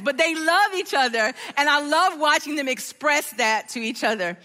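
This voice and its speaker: Bubbly high-voiced woman preacher. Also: normal speed, long reverb tail. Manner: animated and enthusiastic, laughs often. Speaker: guest speaker. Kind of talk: sermon talk. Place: church auditorium.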